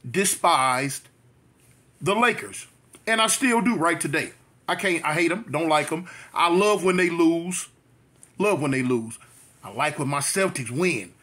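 A man's voice: fairly high pitch, pushed and bright. A man in his fifties from South Central Los Angeles, telling a story to his channel in a chatty way, with repetitions and street slang. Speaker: vlogger. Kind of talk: storytime monologue.

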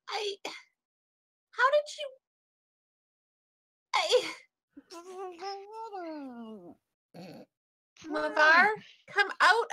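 A woman's voice: very high voice, pushed and bright, pitched above the performer's own voice, heavily acted. A woman voicing a young female bird-folk adventurer who stammers and hedges nervously in a tabletop game. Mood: exasperated. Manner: stammering, hesitant, nervous laughs. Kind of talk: role-playing a character in a tabletop game.

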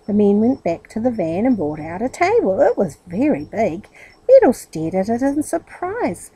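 Woman storybook reader, lively up-and-down voice, mellow, husky. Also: mid-range voice, moderate pace, rough recording. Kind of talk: reading a children's story aloud.

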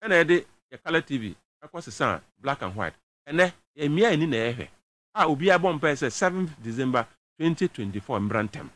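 Emphatic Ghanaian man, lively high voice. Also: fairly quick. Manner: emphatic, mixes local language with English. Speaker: political commentator. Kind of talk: heated political talk-show commentary.

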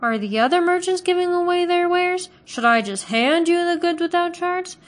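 A woman's voice: extremely high pitch, lively intonation, normal speed, voice pushed up. A woman reading aloud and voicing a small, suspicious male village butcher who talks in a scornful, sarcastic and snappish way.

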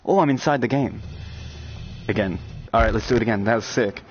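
A man giving excited live-stream commentary on a VR shooter, chatting with viewers and breaking into loud outbursts. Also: medium pitch, a little fast. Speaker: VR game streamer. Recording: dull lo-fi stream audio with game music and gunfire. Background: game music and gunfire.

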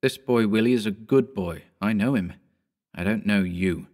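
A man voicing a blunt, stubborn rural mailman who drawls slowly. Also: lowish voice, a little mellow, natural voice.

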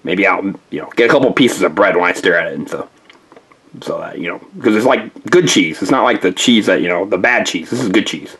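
A man voicing a hungry, slow-witted male bulldog pup in a toy play-along story, with a husky, rambling drawl. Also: deep voice, expressive, fairly bright tone, pitched below the performer's own voice, heavily acted, poor audio. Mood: dreamy, stubborn.

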